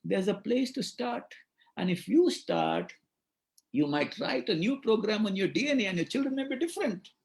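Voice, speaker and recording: A man with an Indian English accent giving an animated webinar lecture, acting out dialogues and repeating words. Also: high-pitched, moderate pace, vocal fry. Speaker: psychiatrist speaker at a medical webinar.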